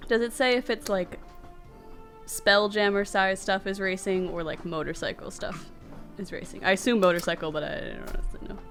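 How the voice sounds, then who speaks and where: A woman's voice: medium pitch, fairly even intonation, a bit bright, faint music behind. Laughing woman player at a tabletop game. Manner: quick, laughing, asks questions.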